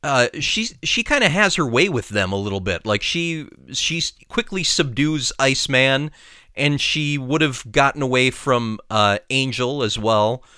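Bright, animated man, dry sound. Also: medium pitch, measured pace, clean tone, dry recording. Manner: rambling, many restarts, laughs easily. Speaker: podcast co-host. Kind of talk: casual chat.

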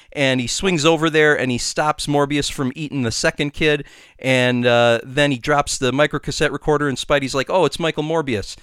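A man co-hosting a podcast, rushing through a plot recap with many fillers and restarts and quick character voices. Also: fairly high pitch, fairly bright tone, smooth, dry recording, studio quality. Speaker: podcast co-host. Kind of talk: casual podcast chat, rushed plot recap.

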